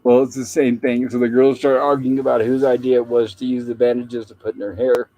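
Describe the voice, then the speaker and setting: A man with a mellow, darkish voice hosts a casual talk show, walking listeners through an old sitcom episode in a chatty storyteller's way. The sound is dry and close, with no room around him. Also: mid-range voice, little pitch movement, fairly quick, no echo, low-quality recording. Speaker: show host.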